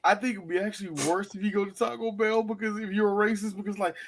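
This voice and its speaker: Animated, high-voiced man chatting. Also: fast talker, slight background noise. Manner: animated, profane, laughing storyteller. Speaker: podcast co-host. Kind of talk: casual chat.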